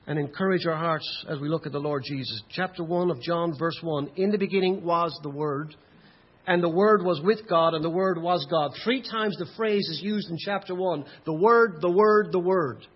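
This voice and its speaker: A man preaching a sermon, building to loud emphatic peaks and then dropping low and quiet. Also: husky. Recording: dull lo-fi sound.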